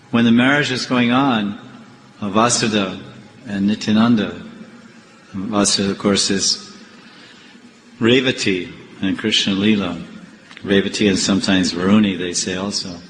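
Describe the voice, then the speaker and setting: A swami giving a devotional class, telling temple stories and acting out the characters' voices. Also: male voice, fairly low pitch, a little slow, long pauses. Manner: animated storyteller acting out the characters' lines. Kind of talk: devotional storytelling lecture. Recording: echoey hall with faint noise.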